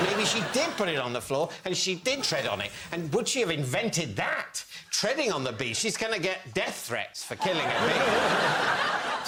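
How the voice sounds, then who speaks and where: A man as team captain on a comedy panel show, reasoning aloud at length in a wordy, analytical way. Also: on the high side. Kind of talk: comic panel show banter. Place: TV studio with live audience. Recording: loud studio audience and noise.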